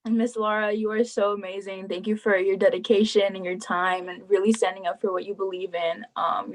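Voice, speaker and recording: A young woman school board trustee giving tearful farewell remarks on a video call, halting and full of fillers as she cries. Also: mid-range voice, low-quality recording. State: crying.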